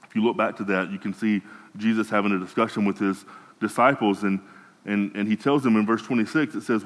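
A man's voice: lowish voice, steady tone, fairly quick, long reverb tail, low-quality recording. A man preaching a sermon in a conversational way, often restarting and repeating words. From United States.

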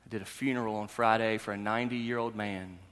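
A pastor in his thirties preaching a sermon, talking with his congregation and asking them questions before he builds to loud, emphatic preaching. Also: on the low side, steady tone, a little fast, smooth. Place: church hall. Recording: long hall reverb.

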